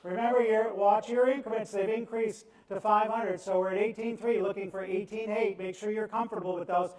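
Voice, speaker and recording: A man working as a charity auctioneer, calling bids in a fast rhythmic chant and coaxing bidders along. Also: sits high, steady tone, darkish tone. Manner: rapid rhythmic bid chant, cajoling bidders. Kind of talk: live auction bid calling. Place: event venue on the Gulf coast. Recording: echoey room, voice from off-mic.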